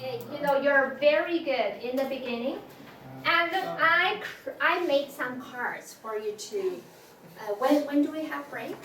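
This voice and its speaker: A Chinese language teacher, female and high-voiced, speaks a little slowly with a somewhat bright sound. Patient with her class, she repeats tones and uses plenty of fillers, recorded from a distance in an echoey room with faint noise.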